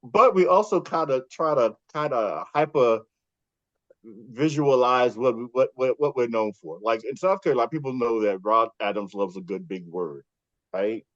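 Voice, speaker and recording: A man with a New York accent, a podcast co-host being interviewed, telling stories in a lively way and laughing often. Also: mid-range voice, normal speed, no room sound, dull audio. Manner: animated storyteller, laughs often. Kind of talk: casual interview chat.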